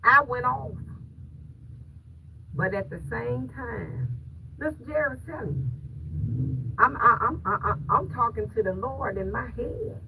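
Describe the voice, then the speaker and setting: Gravelly-voiced woman preaching to her viewers. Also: fairly high pitch, big pitch swings, slow pace, long pauses. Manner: emphatic, preachy, keeps asking if viewers hear her. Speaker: vlogger. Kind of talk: casual storytelling to viewers. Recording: distant mic with clear background noise.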